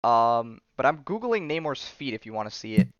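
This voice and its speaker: A man's voice: mid-range voice, sing-song, a little fast, a bit bright, no echo, muffled recording. A man hosting a podcast, recapping comics in casual chat full of fillers and restarts. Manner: rambling, many fillers and restarts. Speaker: podcast host.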